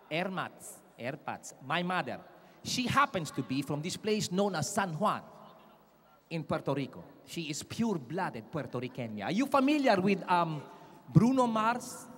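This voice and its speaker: Middle-aged male performer, high lively voice, playful stage banter, faint room noise. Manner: animated, playful crowd patter. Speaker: concert singer and performer. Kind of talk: stage banter with a live audience. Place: large indoor event stage.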